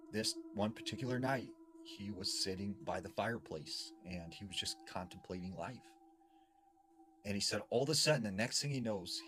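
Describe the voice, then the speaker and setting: A man dramatically retelling a scary story, his voice swinging from loud to hushed. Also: lowish voice.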